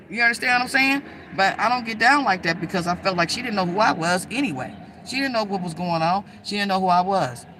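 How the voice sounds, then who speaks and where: A woman telling personal stories in an animated, emphatic way, with slang, swearing and asides to listeners. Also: medium pitch, a little hiss or hum. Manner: animated, emphatic, addresses listeners as girl and y'all; slangy, profane, rambling. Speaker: storyteller. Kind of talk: casual personal storytelling.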